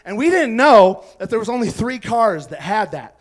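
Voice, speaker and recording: A man's voice: sits high, big pitch swings, normal speed. A man doing stand-up comedy, telling a rambling story on a club stage and laughing at his own lines.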